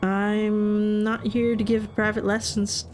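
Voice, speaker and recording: A woman's voice: medium pitch, little pitch movement, slow pace, a little mellow, faint music behind, natural voice. A woman voicing a polite, nervous male university professor who stumbles over his words. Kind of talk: game voice acting.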